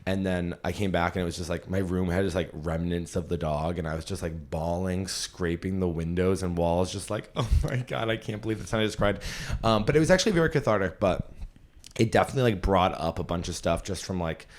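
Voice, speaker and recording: A man's voice: low-pitched, fairly quick. A young adult man hosting a podcast, telling a story in a candid, rambling and emotional way. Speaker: podcast host and comedian. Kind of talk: casual storytelling chat.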